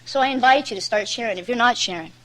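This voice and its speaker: Woman, recovery meeting speaker: bright, high-leaning voice, blunt, rambling storyteller. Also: fast, poor audio. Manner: candid, rambling storyteller, many "you know"s; plain-spoken and blunt. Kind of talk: personal testimony at a recovery meeting.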